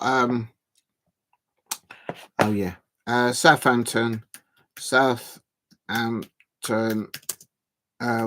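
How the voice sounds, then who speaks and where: A man's voice: medium pitch, fairly bright tone, slight background noise. A man, chatting casually on a live football watch-along stream, rambling and drawing out words as he types.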